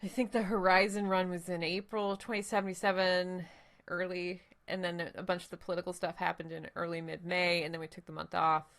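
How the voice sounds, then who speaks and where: A woman's voice: lowish voice, little pitch movement, brisk, a bit bright. A woman streamer chatting casually to her viewers while playing a game, rambling and thinking aloud. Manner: chatty, rambling, talks to chat. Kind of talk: casual live gameplay commentary.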